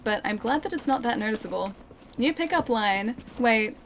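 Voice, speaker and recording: A young woman streaming a game and chatting with viewers, speaking clearly with a slight lisp from her retainers. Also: a little high, animated, normal speed, slight background noise. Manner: clear, well-enunciated speech. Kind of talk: casual live-stream gameplay chat. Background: game music.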